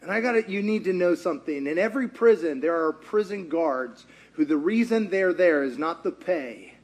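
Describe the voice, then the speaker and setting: Animated high-voiced male preacher. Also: normal speed. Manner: acts out quotes in character voices, lively and conversational. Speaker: pastor. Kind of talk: animated sermon storytelling.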